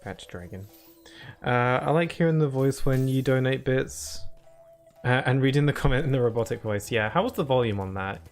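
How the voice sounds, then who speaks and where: A man's voice: medium pitch, animated, moderate pace, soft background music. A man streaming a video game live, chatting casually and rambling to his viewers as he plays. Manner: chatty and rambling, talks to chat between laughs.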